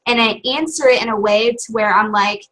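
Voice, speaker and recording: A woman guest on a team call, telling her experience with lively acted-out quotes. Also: on the high side, a little fast, slight background noise, rough recording. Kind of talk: casual chat sharing experience.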